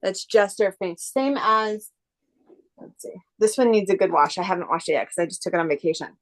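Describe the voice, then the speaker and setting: A woman's voice: medium pitch, lively intonation, fairly quick. A woman from the Bay Area, an artist who customizes shoes, talking casually in an interview and rambling with many restarts. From San Francisco Bay Area. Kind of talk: casual interview over video call.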